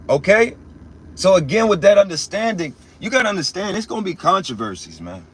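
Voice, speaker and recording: A young man with a husky, breathy voice preaches in a loose, talky way, swearing freely and circling back over his own words. His voice sits high for a man, and he presses his points hard. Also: very animated, brisk. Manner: emphatic, profane and repetitive, with many restarts. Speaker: religious teacher. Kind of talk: casual spiritual rant.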